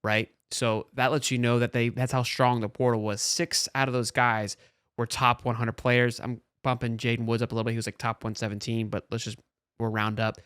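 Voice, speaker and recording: A man with a mid-range voice hosting a sports talk show. He talks quickly and with energy, often restarting his sentences. His voice is recorded close and dry. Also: mid-range voice, clean tone, dry recording. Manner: animated, talks fast with restarts.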